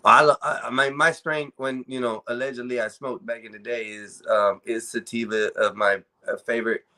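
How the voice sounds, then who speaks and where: A man's voice: medium pitch, fairly even intonation, moderate pace, bright, forceful tone. A man hosting a casual panel chat, rambling and joking in a loose way.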